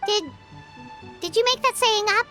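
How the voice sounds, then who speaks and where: A woman's voice: very high-pitched, moderate pace. A woman voicing a tiny, chirpy female fairy companion who teases and talks about herself in the third person, for a video game. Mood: teasing. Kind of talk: game voice acting. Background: game music.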